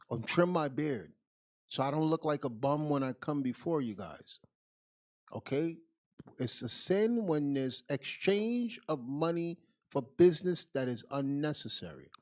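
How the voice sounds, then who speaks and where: Male deacon, fairly high voice, blunt, emphatic, casual street talk, answering class questions. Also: lively intonation, unhurried.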